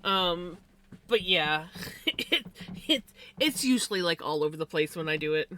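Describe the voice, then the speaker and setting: A woman's voice: on the low side, animated, unhurried, sharp tone. A woman hosting a livestream, chatting casually while she crafts. She rambles with many fillers. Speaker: livestream host.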